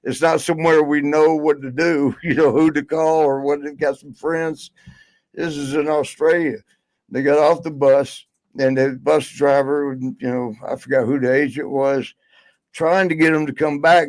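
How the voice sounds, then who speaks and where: A man's voice: a little high, fairly even intonation, moderate pace, a little mellow, no echo, rough recording. A man telling a long road story in casual podcast chat, rambling with many fillers. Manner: rambling, lots of fillers and laughs. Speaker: podcast guest.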